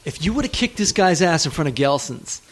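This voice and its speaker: A man's voice: a little high, very animated, a little fast, a bit bright. A man in casual podcast chat, joking and riffing on the others' stories.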